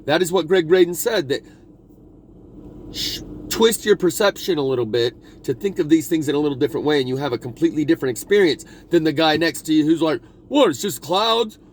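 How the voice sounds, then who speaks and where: A man's voice: fairly high pitch, quick pace, darkish tone, slight background noise. A man talking in a meandering spiritual monologue, restarting his sentences and pressing hard on key words. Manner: meandering, restarts often, intense emphasis. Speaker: video blogger.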